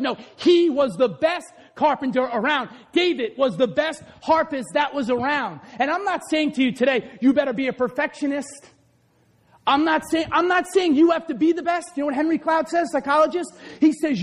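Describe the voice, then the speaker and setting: A man preaching a sermon as pastor, loud and passionate, swinging between shouts and quieter asides. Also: very high voice, moderate pace. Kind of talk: energetic sermon. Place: large hall or church. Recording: echoey hall.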